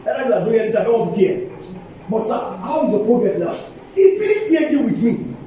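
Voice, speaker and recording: A man's voice: very high-pitched, very animated, fast talker, mellow, slight background noise. An older man with a Nigerian English accent giving an emphatic seminar talk, repeating key phrases and coaxing the audience. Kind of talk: lively seminar lecture to colleagues. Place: university lecture hall. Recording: echoey hall from a distance, faint ambience.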